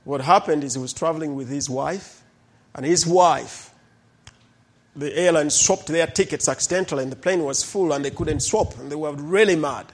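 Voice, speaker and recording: A middle-aged pastor tells stories from the pulpit in a fairly high voice. He talks with a lot of life and slips into the voices of the people in his stories. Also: normal speed. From Uganda. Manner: animated storyteller who acts out the people in his stories. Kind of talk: sermon testimony storytelling.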